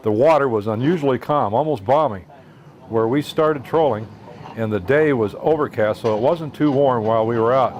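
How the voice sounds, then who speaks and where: A man narrating a fishing trip as host, in a measured, plainspoken voice-over. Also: mid-range voice, muffled recording, noisy background.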